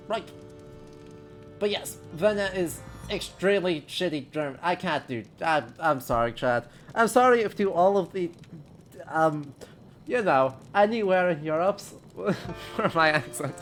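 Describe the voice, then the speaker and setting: A man's voice: fairly high pitch, animated, measured pace, faint music behind. A man streaming a game as a historian, thinking aloud in chatty, self-deprecating commentary. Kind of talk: casual let's-play commentary.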